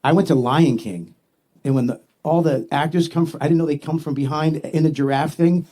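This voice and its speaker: A man co-hosting a comedy podcast in a radio studio, excitable and stammering through restarts. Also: on the high side, a little fast. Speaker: podcast co-host. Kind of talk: casual comedy podcast chat.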